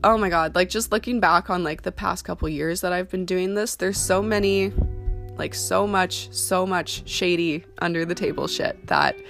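Soft guitar music runs beneath this casual talking-to-camera advice from a young model from Canada. Her voice sits on the low side and is creaky, her pace moderate, and she chats about careers with plenty of ums and likes.

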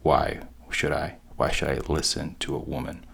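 A man's voice: rumbling low, little pitch movement, normal speed, gravelly, a bit bright, husky, exaggerated voice. A man voicing an arrogant, short-tempered strongman hero who talks in curt, dismissive bursts. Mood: scornful.

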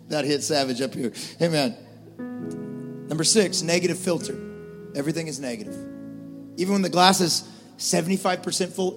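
High-voiced pastor preaching in a hall. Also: male voice. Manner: animated, swings from loud preaching to quiet storytelling. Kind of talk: sermon. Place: large church hall. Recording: reverberant church hall with soft music.

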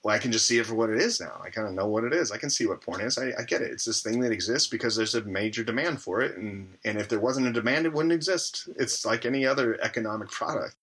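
A man speaks as an interview guest in a low, husky voice with a forceful edge. He tells a candid personal story in a rambling way, leaning on fillers and restarting his sentences. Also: fast, hardly any pauses.

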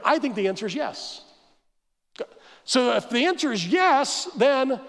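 A man preaching a sermon as pastor, telling the story with animated asides and acting out the crowd's complaints. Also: high voice, brisk. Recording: church hall reverb.

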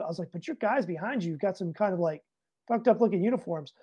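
Animated, swearing man telling a story. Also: high voice, fast, husky, muffled recording. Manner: animated, profane, acts out both sides of dialogue. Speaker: podcast guest, Navy master chief. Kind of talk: casual anecdote in an interview.

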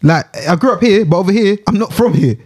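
A man's voice: high voice, animated, fast, darkish tone, husky. A young man from the UK, hosting a casual group chat with swearing and slang, asking the others questions. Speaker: host.

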